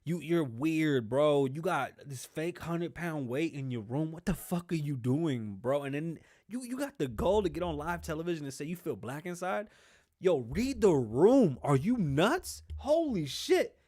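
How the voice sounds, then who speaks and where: A man hosting a podcast alone, ranting casually and profanely in animated commentary. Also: a little high, normal speed, hardly any pauses. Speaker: podcast host.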